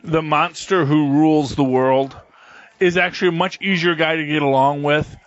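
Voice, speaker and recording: A man's voice: on the high side, fairly even intonation, moderate pace, no echo. A man co-hosting a podcast in casual chat, rambling with many fillers and restarts. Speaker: podcast co-host. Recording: dull lo-fi podcast audio, dry.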